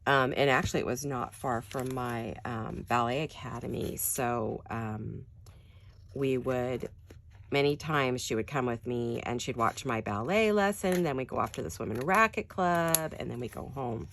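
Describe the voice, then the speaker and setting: An older woman speaks in a deep, raspy, gravelly voice, quiet and friendly, as if it is early morning. She chats casually to her viewers while crafting in her home studio, and a faint hiss sits under the recording. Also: unhurried. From California. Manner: quiet, chatty, addresses viewers directly. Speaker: crafting channel host.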